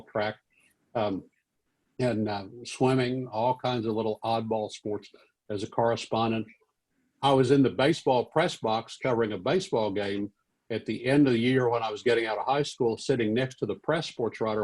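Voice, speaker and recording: A man's voice: mid-range voice, moderate pace, rough recording. A man, a veteran newspaper columnist telling stories to an audience and acting out the voices in them. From Fort Worth, Texas. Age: 60s. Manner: animated, acts out quoted voices. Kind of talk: storytelling talk to an audience.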